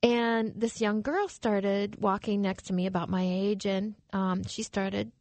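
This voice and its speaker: A woman speaking as a guest on a radio interview, telling her personal story earnestly and with emotion. She often trails off and restarts her sentences. Her voice sits at a middle pitch, recorded dry and close. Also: steady tone, measured pace, a little mellow, no echo.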